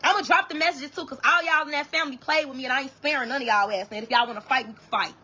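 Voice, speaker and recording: A young woman with a high, bright voice tells her viewers a personal story in a casual storytime chat. She is blunt and profane, and she often stops and restarts her sentences. The sound is dull and lo-fi. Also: expressive, fast, a little hiss or hum. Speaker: storytime vlogger.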